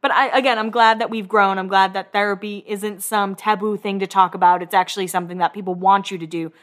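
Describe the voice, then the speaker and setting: A woman's voice: medium pitch, fairly even intonation, quick pace, fairly bright tone. Young woman, podcast host, casual and gossipy, acts out the quotes. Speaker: podcast host recapping a reality show. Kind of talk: casual chat.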